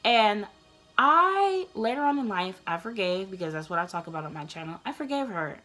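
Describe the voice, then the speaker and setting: A young woman speaks straight to camera in a candid storytime vlog. Her voice sits at a middle pitch. She talks earnestly and emotionally, rambling with restarts and rising to loud, passionate bursts, over faint music. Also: big pitch swings, moderate pace. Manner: loose, rambling, many restarts. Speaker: vlogger telling her own story.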